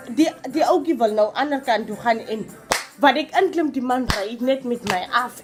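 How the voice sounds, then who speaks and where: A young Namibian woman with a Namibian accent, telling a storytime vlog in a casual, animated way and acting out what people said. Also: a little high, moderate pace, over music. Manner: animated, switches between English and Afrikaans, acts out quotes. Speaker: vlogger.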